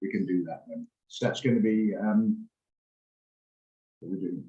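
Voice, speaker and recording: A man's voice: on the low side, normal speed, warm tone, reverberant, highs cut off. A man hosting a live trading lesson on a video call, explaining his orders and checking in with attendees by name. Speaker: trading room host. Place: home office on a video call.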